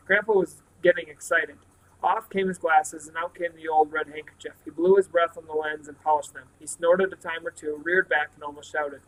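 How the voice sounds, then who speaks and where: A man reading a novel aloud, telling the story in a plain, steady way with a few small slips. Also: on the high side, normal speed, rough recording. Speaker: reader.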